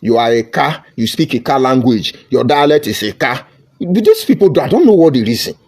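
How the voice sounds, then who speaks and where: A man's voice: medium pitch, sing-song, brisk, darkish tone. A man from Nigeria with a Nigerian accent, giving fiery online political commentary full of mocking rhetorical questions.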